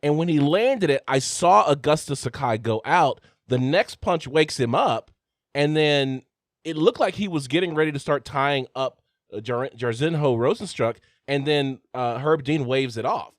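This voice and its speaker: A man's voice: a little high, animated, moderate pace, dry recording, studio quality. A man co-hosting a combat sports podcast, recapping fight results and asking questions in a casual way. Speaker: podcast co-host.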